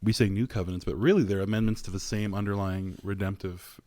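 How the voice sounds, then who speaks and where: A man co-hosting a church podcast, relaxed and reflective in casual chat, laughing easily. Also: low-pitched, quick pace, dry recording. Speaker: podcast co-host.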